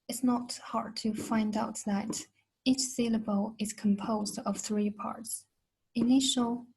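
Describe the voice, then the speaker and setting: A woman with a Chinese accent talks through a beginners' lesson at a very slow, deliberate pace. Her voice sits a little high and sounds slightly husky. She says each sound twice, with patience. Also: warm tone, low-quality recording. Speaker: Chinese language teacher. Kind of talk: slow, careful language lesson.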